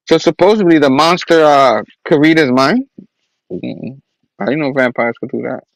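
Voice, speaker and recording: A man's voice: on the high side, normal speed, gravelly, dry recording, rough recording. A man hosting a casual comic book review, rambling and chatty. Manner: rambling, laughs often. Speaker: host.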